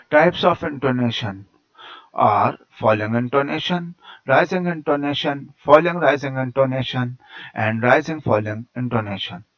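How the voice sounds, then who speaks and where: A man narrating an English phonetics lesson as a teacher, reading out the material in a measured, even way. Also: mid-range voice. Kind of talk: read-aloud lecture narration. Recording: dull lo-fi recording.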